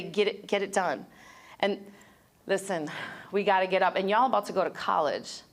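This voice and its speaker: A woman giving a motivational speech to students at a breakfast event, telling her story in an animated way and acting out the people in it, speaking into a handheld mic. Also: medium pitch. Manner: animated storyteller, acts out quoted voices.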